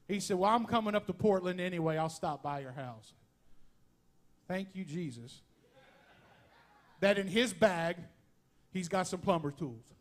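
A man preaching a folksy, animated sermon in church, with asides and humor. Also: high-pitched, moderate pace, pauses often. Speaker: pastor. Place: church sanctuary.

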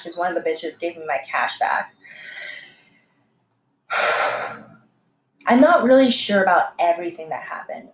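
A young woman, a restaurant server, telling a story in a casual, heated, profane way, full of fillers and sudden jumps in pitch. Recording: echoey room.

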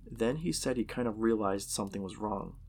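Male horror storyteller, low gravelly voice, casual and profane. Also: lively intonation, a little fast, a little mellow, a little hiss or hum.

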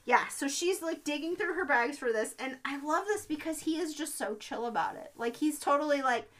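Woman co-host with a high voice, chatty, lively recapping of a film with acted-out quotes. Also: normal speed, a little hiss or hum. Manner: animated retelling, acting out characters' lines. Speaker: podcast co-host. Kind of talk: casual chat recapping a film.

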